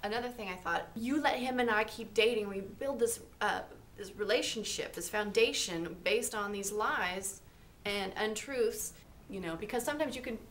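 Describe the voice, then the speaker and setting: A woman's voice: mid-range voice, moderate pace, a bit bright, a little hiss or hum. A woman in a comedy sketch therapy group, rambling and eager to help.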